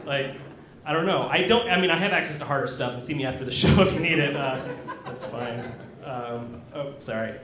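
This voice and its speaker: A young man from Kansas does an awkward, self-deprecating stand-up set in a comedy club, hesitating with lots of ums. His mid-range voice moves a little fast through a handheld stage mic. The club recording sounds roomy, with a crowd and audience laughter in the background.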